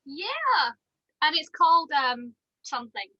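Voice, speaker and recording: A woman's voice: high-pitched, sing-song, slow, dry recording, muffled recording. A woman co-hosting a casual fan podcast, chatty and giggly, with lots of ums. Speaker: podcast co-host.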